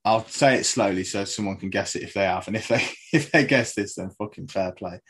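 Bloke with a lowish voice, laid-back footy chat, quizzing his mate. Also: fairly quick, hardly any pauses, slightly rough, poor audio. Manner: quizzing with trivia, laughing often. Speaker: podcast co-host. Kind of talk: casual football chat.

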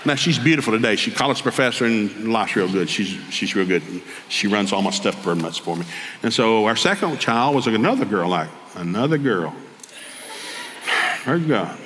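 Older Southern man preaching, lively comic storyteller, big pitch swings, booming through a reverberant hall. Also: normal speed, slight background noise. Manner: animated storyteller, jumps to high excited voices for quoted people. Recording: long hall reverb, faint ambience.

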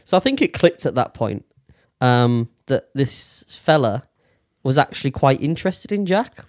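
A man's voice: mid-range voice, sing-song, unhurried, a little mellow, dry recording, clean studio sound. A young man casually telling a long story on a podcast, with lots of swearing and fillers. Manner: swears a lot, rambling with many fillers. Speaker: podcast co-host.

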